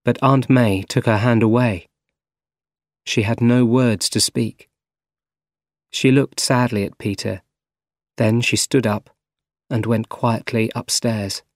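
A man reading a story aloud for learners, slow, clear and measured. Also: medium pitch, steady tone, dry recording, clean studio sound. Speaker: narrator.

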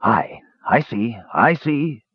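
Man doing a gruff jovial dwarf. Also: mid-range voice, animated, takes it slowly, dry recording, lo-fi sound, voice pushed up. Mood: grumbling. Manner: growling, then hearty and cheerful. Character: gruff jovial male dwarf, shrewd, fond of drink.

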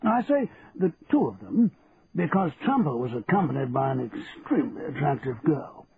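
A man's voice: a little high, big pitch swings, a crowd in the background. Old army colonel musing away , man reading him, phone-thin sound. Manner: reflective, measured. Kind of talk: first-person narration. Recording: tinny phone-like line, faint hiss.

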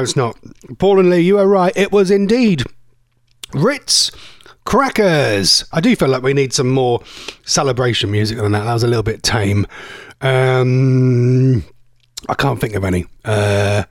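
Lively, playful radio presenter man. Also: fairly high pitch, no echo. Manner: playfully exasperated, thinking aloud. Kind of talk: chatty live radio quiz. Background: music bed.

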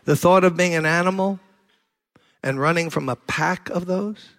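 Bright-voiced New preacher. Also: male voice, high voice, normal speed. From Brooklyn, New York. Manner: storytelling, conversational preaching that builds to emphatic exhortation. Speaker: pastor. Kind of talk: sermon.

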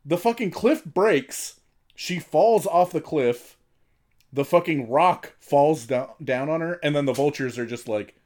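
Rambling, expressive podcast host man. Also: a little high, measured pace. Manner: rambling retelling with many fillers. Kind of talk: casual profane chat.

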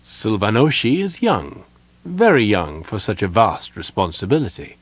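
A man's voice: lowish voice, normal speed, dry recording. A man voicing Glaucus, a cold scheming wizard. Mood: smooth. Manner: cold, calm, self-assured. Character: cold, scheming male elven wizard advisor.

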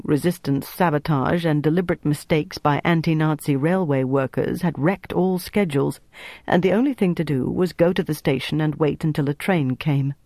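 Male audiobook narrator, slightly high voice, steady measured pace. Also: no room sound.

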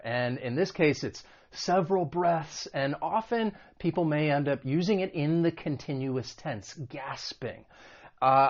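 American accent, english teacher, patient explaining, slightly dull sound. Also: mid-range voice. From United States. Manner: clear, patient explaining with demonstrations. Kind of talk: vocabulary and pronunciation lesson.

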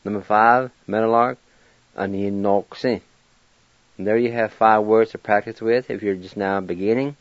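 A man hosting a radio language lesson, spelling each word letter by letter and repeating it slowly and patiently. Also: fairly low pitch, steady tone, dry recording. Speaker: language teacher on a radio show. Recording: dull, lo-fi radio recording.

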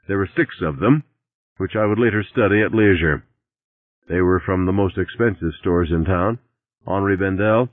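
Reading a novel aloud as an audiobook narrator, a man with a low-pitched voice delivers a dry, wry first-person account. The recording is tinny, dry and lo-fi.

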